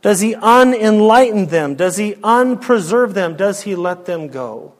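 A man preaching an expository sermon, emphatic, firing rhetorical questions and dropping to a near hush. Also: high-pitched, lively intonation, measured pace, big-room sound.

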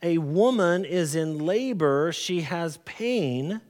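A man preaching a sermon as pastor, earnest and deliberate, often calling his listeners beloved, in a large church sanctuary. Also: fairly high pitch, animated, darkish tone, big-room sound. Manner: slow, earnest preaching with drawn-out emphasis.

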